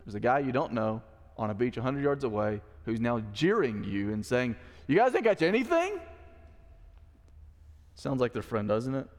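A man's voice: medium pitch, fairly quick. Man preaching in a reverberant hall. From Mississippi. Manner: conversational, acts out the quoted lines. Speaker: pastor. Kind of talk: sermon. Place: church sanctuary. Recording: long church hall reverb.

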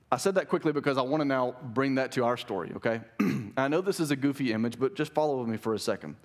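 A man delivers a sermon as a pastor in a church. His preaching is earnest but conversational, and he often checks in with his listeners as he goes. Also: medium pitch.

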